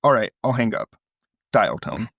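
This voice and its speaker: A man's voice: mid-range voice, big pitch swings, measured pace, vocal fry, fairly bright tone, no echo, studio quality. A man co-hosting a podcast, reading a phone call transcript aloud and acting out the quoted lines. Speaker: podcast co-host.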